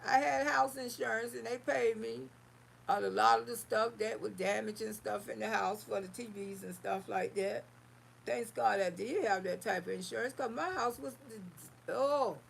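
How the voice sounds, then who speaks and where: A woman hosting a live stream, telling a personal story in an animated, casual way and calling listeners honey. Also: fairly high pitch, gravelly, a little hiss or hum.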